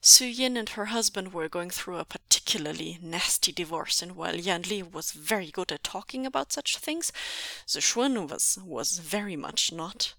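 A woman's voice: lowish voice, animated, normal speed, vocal fry, few pauses, bright, forceful tone. A woman reading fan fiction aloud as a podfic, now and then stopping to comment on the story. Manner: breaks off to laugh and comment on the story. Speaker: podfic reader.

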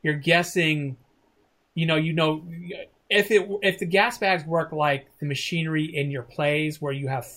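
A game master narrating a tabletop game in a hesitant way, with frequent pauses and restarts. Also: mid-range voice, a bit bright. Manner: hesitant, many fillers and restarts.

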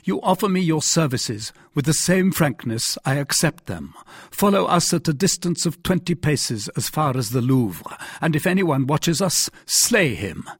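A man's voice: on the high side, animated, breathy edge, no room sound, studio quality, pitched above the performer's own voice, full character voice. A man reading a commanding foreign duke. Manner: measured, authoritative.

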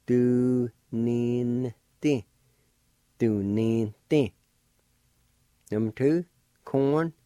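Male radio language teacher, patient and encouraging, with a low-key, mellow voice and very slow, careful delivery. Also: dry recording. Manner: slow, careful spelling out and sounding of words.

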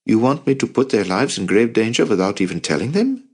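A man's voice: lowish voice, very animated, a little fast, darkish tone, slightly rough, pitched above the performer's own voice. A man voicing an anguished young man who is protective of his family, in a strained voice, in a storybook reading. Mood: pleading.

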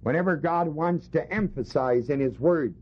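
Husky-voiced male preacher teaching scripture. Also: a little high, moderate pace. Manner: emphatic teaching with rhetorical questions to the congregation. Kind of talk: sermon. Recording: dull lo-fi recording.

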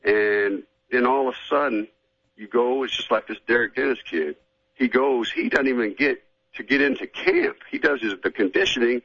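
A middle-aged man, formerly a football player, chats as a guest on a casual radio interview in a laid-back drawl heavy with "man." His mid-range voice is a bit bright, with no room sound, on dull lo-fi radio audio.

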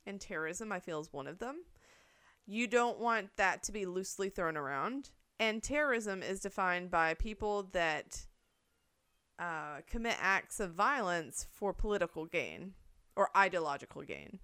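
A woman's voice: on the low side, expressive, unhurried, bright, forceful tone, clean tone. A woman co-hosting a casual chat, explaining her view at length with plenty of fillers and the odd swear word. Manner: chatty, talks it through with fillers and swearing. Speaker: podcast co-host.

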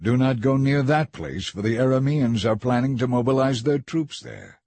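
Calm old prophet guy, husky, steady, read by a man narrating. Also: mid-range voice, moderate pace, natural voice. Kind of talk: scripted scripture narration.

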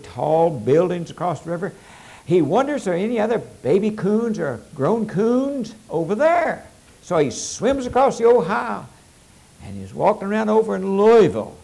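A man preaching a sermon in church, telling a folksy joke with lively storytelling. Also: fairly high pitch, vocal fry. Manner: lively storytelling, chuckling at his own jokes. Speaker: pastor.

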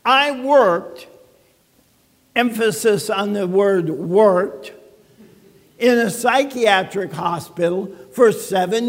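High, lively-voiced pastor preaching slowly. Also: male voice, long reverb tail. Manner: conversational preaching with rhetorical questions. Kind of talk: sermon. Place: church sanctuary.

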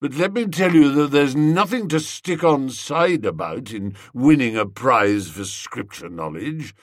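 A man voicing a pompous young gentleman who hands out school prizes in a cold, blustering, accusing manner. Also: mid-range voice, lively intonation, unhurried, no room sound, studio quality.

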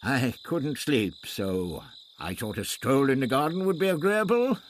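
A man's voice: medium pitch, animated, measured pace, slight background noise, voice pushed up, close to an everyday voice. A man voicing an elderly male doctor who speaks dryly and sardonically. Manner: dry, sardonic.

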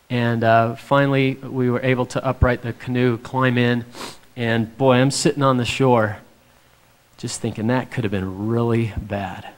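A man giving a devotional talk to an audience, telling a personal story in an animated way and acting out the quotes. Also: mid-range voice, clean tone. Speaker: speaker.

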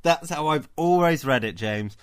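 A man's voice: on the high side, animated, normal speed, clean tone. A man co-hosting a podcast, cracking cheeky jokes and laughing often. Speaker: podcast co-host. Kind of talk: casual comedic chat.

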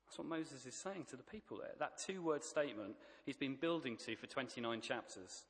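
A man's voice: medium pitch, fairly quick, a bit bright, big-room sound. A man preaching a sermon, emphatic and plain-spoken, stacking up repeated phrases.

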